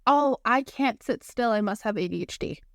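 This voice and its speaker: A woman's voice: a little high, lively intonation, normal speed, dry recording, studio quality. A woman co-hosting a podcast, chatting casually with blunt, sarcastic storytelling. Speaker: podcast co-host. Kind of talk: casual chat.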